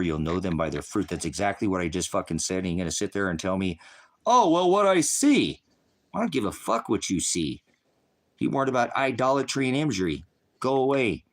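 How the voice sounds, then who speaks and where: A man delivering a heated, profane livestream rant at his viewers, mixing insults with scripture quotes. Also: fairly low pitch. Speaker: online preacher and streamer.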